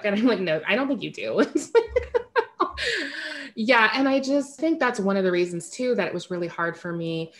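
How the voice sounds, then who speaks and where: A woman author talking candidly in an interview, chatty and self-correcting, often laughing at herself. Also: lowish voice. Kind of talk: casual interview conversation.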